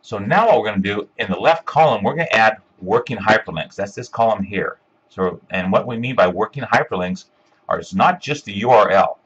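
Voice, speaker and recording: A man giving a step-by-step screencast software tutorial, talking casually with lots of ums and uhs. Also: on the low side, animated, a little fast, slightly rough, highs cut off. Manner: step-by-step, filler-heavy with frequent ums and uhs. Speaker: instructor.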